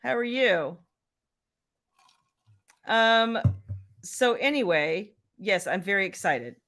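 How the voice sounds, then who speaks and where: A woman's voice: medium pitch, lively intonation, slow, a bit bright. A woman, chatting casually and laughing as host of a livestream. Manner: chatty, laughing, Southern "y'all". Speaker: romance author and livestream host.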